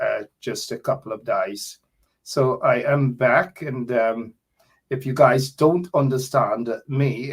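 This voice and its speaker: A man's voice: medium pitch, slightly rough. A man from Guyana with a Guyanese accent, hosting a radio talk show in a rambling, chatty way with many fillers.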